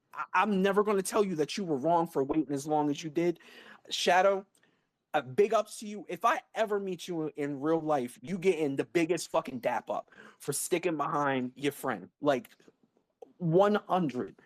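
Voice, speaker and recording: Recorded dry, this guest speaker is a man in his thirties with a slightly high voice and a moderate pace. He speaks with emotion in a live online audio room, swearing bluntly and hammering his points through repeated words and restarted sentences.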